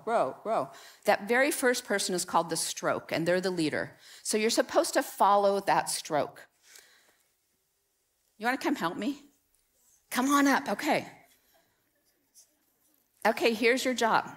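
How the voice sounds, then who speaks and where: A woman pastor giving a conversational sermon in a church, telling personal stories and bringing people up to help. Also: on the low side. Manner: conversational, animated storytelling with audience participation. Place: church sanctuary.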